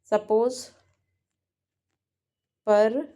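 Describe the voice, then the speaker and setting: A woman teaching linguistics, explaining exam answers slowly and repeating points, often checking with "right?". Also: a little high, steady tone, warm tone. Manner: slow, repetitive, keeps checking with "right?". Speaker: English teacher.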